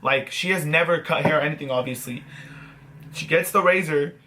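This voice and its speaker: A man vlogging, telling a story to camera in a casual, animated, self-mocking way and swearing freely. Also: on the high side, fairly quick, slight background noise. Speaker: vlogger host.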